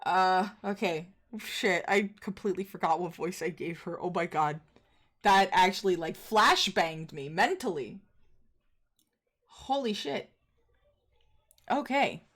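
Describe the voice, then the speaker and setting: A young adult woman streaming a video game, reacting excitably and swearing freely in casual commentary into a desk mic. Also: lowish voice, slow pace, long pauses.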